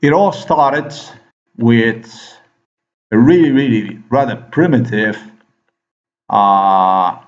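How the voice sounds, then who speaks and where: A man's voice: medium pitch, slow pace, pauses often, highs cut off. A man delivering a rambling, agitated monologue, firing questions at the listener and repeating himself. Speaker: vlogger.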